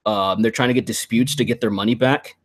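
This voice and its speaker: A male host in a loose, casual chat, venting and swearing freely as he tells his stories. His voice sits at an ordinary middle pitch, and his delivery is animated and quick to get heated. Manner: profane, animated ranting. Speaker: podcast host.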